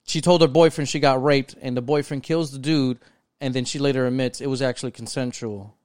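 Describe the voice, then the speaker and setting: A man hosting a casual podcast, talking in an animated, profane, mock-indignant way as he ribs his co-host. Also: medium pitch, a little fast, no room sound, clean studio sound.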